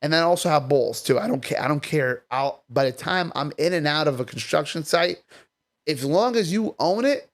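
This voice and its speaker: This expressive, fairly high male voice belongs to a comedian guest from Staten Island, New York. He tells stories rapidly in casual, profane chat.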